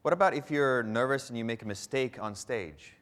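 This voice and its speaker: A man from Canada, teaching public speaking to a live audience in an animated, hands-on workshop. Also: medium pitch, fairly quick.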